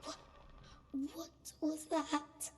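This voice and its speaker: A woman voicing a wary game character, heard faintly as distant game audio. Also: very slow. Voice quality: distant, low in the mix. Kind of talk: in-game dialogue.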